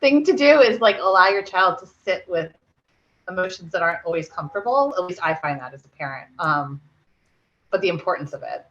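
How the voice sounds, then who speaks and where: A woman's voice: lowish voice, animated, brisk, a bit bright, lo-fi sound. A woman podcast host asking curious questions in a casual manner. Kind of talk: conversational podcast interview.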